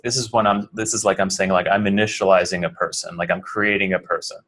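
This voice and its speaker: Low-voiced American man teaching a class. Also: steady tone, fast talker, fairly bright tone. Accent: American English. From New Jersey. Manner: casual, filler-heavy explaining with frequent restarts and questions to students. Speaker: coding bootcamp instructor. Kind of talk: classroom lecture.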